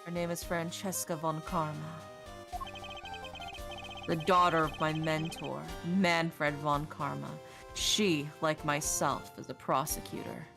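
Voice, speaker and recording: Girl reading a calm thoughtful guy prosecutor, slow and measured, game text. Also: low voice, gravelly, over music, heavily acted. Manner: measured, reflective. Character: composed adult male prosecutor. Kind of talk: reading game dialogue aloud.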